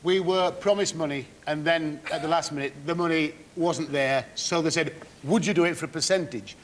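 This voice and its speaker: A man's voice: fairly high pitch, normal speed. A man with a Northern English accent, a chat show guest telling anecdotes in a dry, blunt way. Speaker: actor guest. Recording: faint hiss on an old TV recording.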